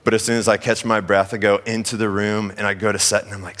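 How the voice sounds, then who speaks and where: A man in his thirties preaching a sermon, telling a family story in a lively, conversational way. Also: lowish voice, fast talker, hardly any pauses. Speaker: pastor.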